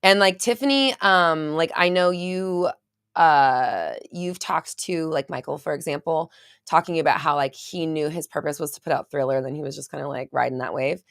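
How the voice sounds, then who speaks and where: Rambling low-voiced woman on a live stream. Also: normal speed, gravelly, a bit bright, clear, resonant tone, no room sound, studio quality. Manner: rambling, chatty, reads viewer comments aloud. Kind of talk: casual live stream chat.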